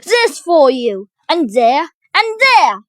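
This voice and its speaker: A bewildered young man puzzles over strangers who know him, in a storybook reading, as a woman voices him. He speaks slowly with a lively lilt. The sound is dry and close. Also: on the high side, no room sound, exaggerated voice. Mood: fighting.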